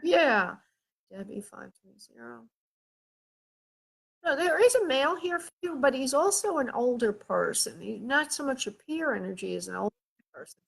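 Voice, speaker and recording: A woman hosting a show as a spirit medium, giving a live reading in a gentle, soothing way and often checking that the caller understands. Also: sits high, lively intonation, moderate pace, gravelly, husky. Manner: hesitant, with frequent filler sounds and restarts.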